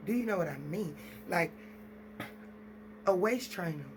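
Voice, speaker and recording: A woman's voice: on the low side, expressive, unhurried, noisy background. A woman, talking casually and rambling straight to her viewers at home. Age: adult with children. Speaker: vlogger. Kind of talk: casual chat to camera.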